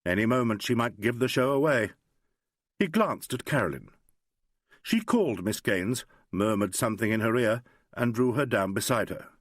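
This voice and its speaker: A man narrating a crime novel audiobook in a measured, expressive reading. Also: mid-range voice, no room sound, studio quality. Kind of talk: scripted narration.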